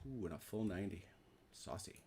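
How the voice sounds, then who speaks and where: A man's voice: low-pitched, animated, a little fast, mellow, a little hiss or hum. A man refereeing a tabletop wargame, explaining rules and teasing the players in an upbeat way. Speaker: game referee.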